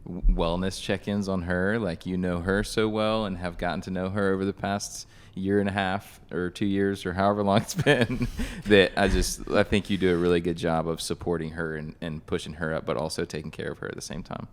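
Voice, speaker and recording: A man's voice: sits low, flat delivery, fairly quick, few pauses. A man, co-hosting a casual podcast chat in an easygoing, laid-back way. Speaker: podcast co-host, husband.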